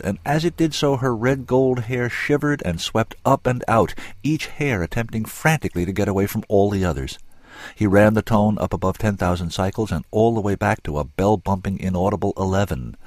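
A man hosting a radio show, reading fiction aloud in a measured, expressive way on a close studio microphone. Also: low-pitched, dry recording. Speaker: radio host and reader.

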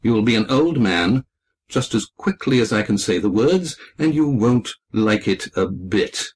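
A man voicing a tiny, proud, haughty baby dragon in a storybook reading, with a husky, threatening way of speaking. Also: on the low side, lively intonation, measured pace.

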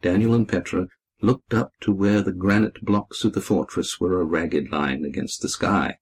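A man narrating a children's storybook in a measured, descriptive reading. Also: low-pitched, breathy edge. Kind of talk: scripted narration.

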